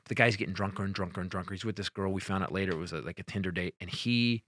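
Man telling stories, bright and animated. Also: low-pitched, very fast, no echo. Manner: animated storyteller, acts out voices and yells in bursts. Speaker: comedian guest. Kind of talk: storytelling on a podcast.

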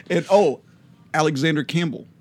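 A man co-hosting a casual theology podcast, talking fast with loose restarts and frequent laughs. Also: fairly high pitch, slight background noise. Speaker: podcast co-host.

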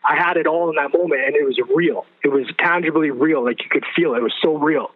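A man's voice: a little high, quick pace. A man telling his personal testimony as a guest, earnest and vivid, repeating phrases for emphasis. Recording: phone-like narrow sound.

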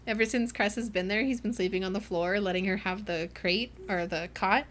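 A woman's voice: mid-range voice, steady tone, brisk, a bit bright, slight background noise. Chatty woman recapping a book. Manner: chatty, rambling, with many fillers. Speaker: podcast co-host. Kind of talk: casual book discussion.

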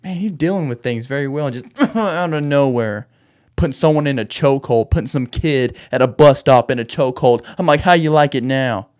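A man's voice: medium pitch, fairly quick, a little mellow. A man hosting a solo late-night podcast, venting in a rambling, restless way and laughing through his anger. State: agitated, wound up. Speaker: podcast host. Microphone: podcast microphone.

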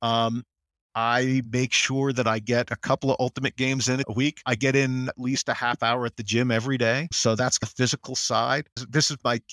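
A middle-aged American man, a general counsel as interview guest, talking in an animated way and acting out quotes. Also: moderate pace, dry recording, studio quality. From United States. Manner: animated storyteller, acts out quotes in higher voice. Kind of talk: conversational interview.

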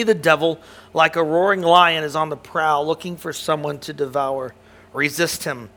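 A man's voice: on the high side, pushed and bright. A man preaching an expository sermon to his congregation, earnest and emphatic, often repeating words as he restarts. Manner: answers questions from the room. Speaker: preacher teaching a Bible study.

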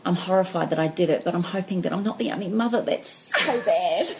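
A woman, telling stories in an animated, laughing way as a guest in a casual chat. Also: lowish voice, a little fast, noisy background. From New Zealand. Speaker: podcast guest.

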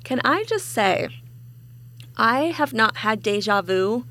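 A woman in her forties co-hosting a podcast in casual chat, telling animated everyday stories. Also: fairly high pitch, takes it slowly, slight background noise. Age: 40s. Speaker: podcast co-host.

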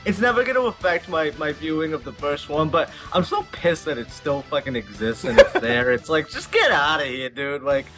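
Male podcast co-host, casual chat. Laid-back, swears, says "dude", somewhat high voice with lively pitch, with faint music behind. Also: normal speed, hardly any pauses. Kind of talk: casual movie review chat.

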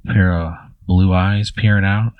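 A man guiding an improvised story game as its narrator, with a lowish voice. He speaks casually, with frequent fillers and restarts. The recording sounds dry and close. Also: steady tone, unhurried, no echo, phone-quality sound. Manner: casual, hesitant, full of fillers. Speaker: game master.

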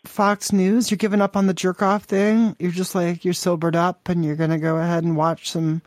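A man's voice: sits high, level tone, normal speed, hardly any pauses, no echo. A man hosting a crude prank call podcast, mocking and rambling with lots of profanity.

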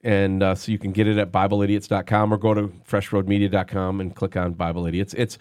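A man's voice: sits low, little pitch movement, quick pace, darkish tone, no echo, studio quality. A man hosting a casual faith talk show, joking and bantering with his co-host. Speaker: host and broadcaster. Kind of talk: casual chat.

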